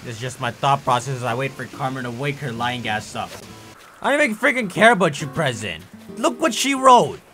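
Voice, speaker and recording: A young man giving let's play commentary, with excitable and exaggerated frustrated rants. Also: mid-range voice, fairly quick, soft background music. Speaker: gaming YouTuber.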